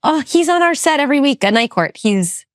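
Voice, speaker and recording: A middle-aged actress as a podcast guest, chatting in an enthusiastic, gushing way. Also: female voice, high voice, very animated, no room sound. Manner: gushing, enthusiastic, quick to exclaim. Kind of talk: casual chat.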